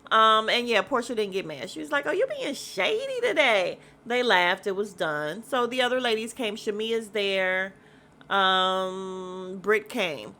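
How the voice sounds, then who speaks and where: A woman's voice: mid-range voice, unhurried, pushed and bright. A woman hosting a podcast, recapping a reality show in casual chat, blunt and gossipy with slang and cursing, rambling with plenty of fillers. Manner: chatty and rambling, with frequent fillers.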